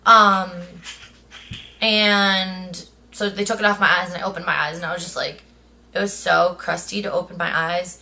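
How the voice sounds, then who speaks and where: A woman's voice: mid-range voice, moderate pace, gravelly. A young woman vlogger telling a personal story in a chatty way, acting out what others said. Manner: chatty, animated quoting of others. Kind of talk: casual storytelling.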